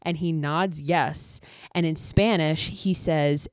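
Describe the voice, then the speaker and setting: A woman's voice: low-pitched, takes it slowly, smooth, dry recording, studio quality. A woman podcast host retelling a horror film scene by scene, swearing often and reacting with shock. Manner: profane, animated storytelling. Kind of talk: casual movie recap.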